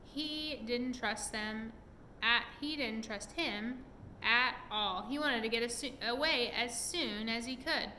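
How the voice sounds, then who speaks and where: A woman reads a children's storybook aloud to a child at home, expressive and pausing to explain things. Her voice is bright and on the high side. Faint noise sits behind her.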